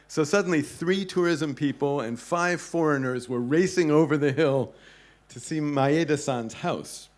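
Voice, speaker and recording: Animated man telling a travel story. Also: a little high, a little slow. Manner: animated storyteller acting out quoted voices. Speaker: travel writer giving a talk. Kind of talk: storytelling talk to a live audience. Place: club event hall.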